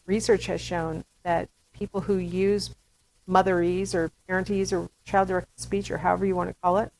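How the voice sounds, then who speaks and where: A woman's voice: lowish voice, creaky, darkish tone, slight background noise, poor audio. A woman giving a recorded lecture to students in a chatty style, with playful asides. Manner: acts out baby talk in demonstrations. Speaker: university lecturer.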